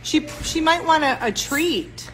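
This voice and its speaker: A woman's voice: high-pitched, unhurried, a bit bright, faint music behind, low-quality recording. A woman giving a live walkthrough of rescue kennels, laughing often and cooing at the dogs, recorded on a handheld phone in an indoor kennel. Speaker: dog rescue worker.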